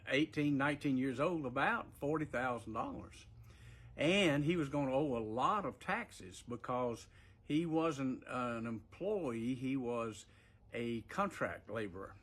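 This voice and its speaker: A man's voice: mid-range voice, breathy edge. A man casually telling a personal story in a folksy way, with fillers and chuckles.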